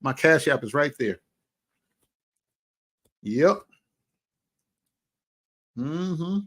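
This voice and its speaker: A man hosting a casual livestream, talking in a somewhat high voice. He is animated and exclamatory, with folksy asides. Drawn-out hums and murmurs fill the gaps between his remarks. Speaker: livestream host.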